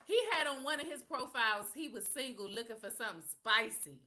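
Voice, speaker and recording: A middle-aged woman hosts a live podcast in casual chat. Her voice sits a bit high and sounds bright and forward, and she tells her stories in a candid, sassy way. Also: a little fast. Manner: candid, sassy storytelling with slang and laughter. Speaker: podcast host.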